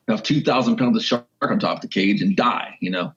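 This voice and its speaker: A man, a wildlife photographer and journalist, telling a story as a podcast guest in a lively, animated way. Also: brisk, hardly any pauses, lo-fi sound. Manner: animated, with sudden jumps in pitch and pace. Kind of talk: casual storytelling.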